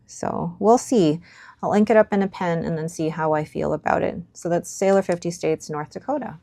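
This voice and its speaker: Swatching and reviewing fountain pen inks, this young woman, a stationery vlogger, speaks in a fairly low, gravelly yet mellow voice at a fairly quick clip. Her chat is casual and thinking-aloud, sometimes sinking to a near whisper, captured in a dry recording.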